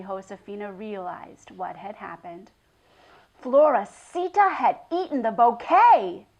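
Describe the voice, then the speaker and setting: A woman reading a children's chapter book aloud, expressive, with hushed drops for suspense. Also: on the high side, poor audio. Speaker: storyteller.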